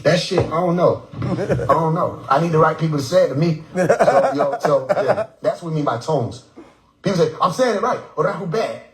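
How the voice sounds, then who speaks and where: A man's voice: fairly high pitch, lively intonation, normal speed, a crowd in the background, poor audio. A man hosting a casual phone livestream, joking and swearing as he mimics how people pronounce words. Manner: profane, joking, repeats words to mimic tones. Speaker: livestream host.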